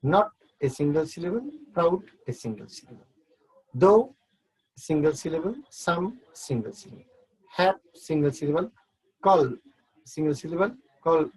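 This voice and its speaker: A man's voice: a little high, lively intonation, moderate pace, a little mellow, slightly rough, low-quality recording. A man teaching an online English literature class, explaining step by step and repeating words as he counts syllables.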